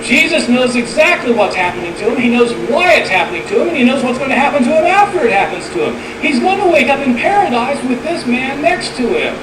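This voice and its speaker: A man's voice: very high voice, big pitch swings, fairly quick, hardly any pauses. A man delivering a formal debate speech in an emphatic, lecturing manner. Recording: distant, echoey, noisy archive clip.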